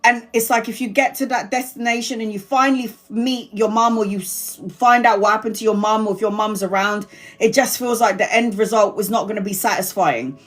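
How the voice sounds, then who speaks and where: With a mid-range, somewhat bright voice and a slightly quick pace, a woman reads tarot live for her viewers. Her style is chatty and frank, full of swearing, and she calls people sweetheart and honey.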